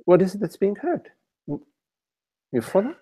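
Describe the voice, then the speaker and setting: A man's voice: sits high, sing-song, takes it slowly, mellow, husky, no echo. A man leading a contemplative dialogue over an online call, searching for words and often repeating and restarting his phrases. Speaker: spiritual teacher.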